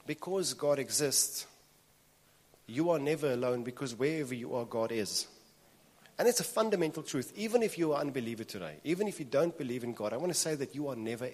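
A man preaching a sermon to a congregation in an earnest way, repeating his phrases for emphasis. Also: medium pitch. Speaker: pastor. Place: church hall. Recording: reverberant church hall.

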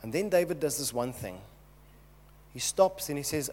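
A man's voice: fairly high pitch, animated, moderate pace, pauses often, a little mellow. A man preaching a sermon, earnest and emphatic, speaking directly to his congregation. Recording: long hall reverb.

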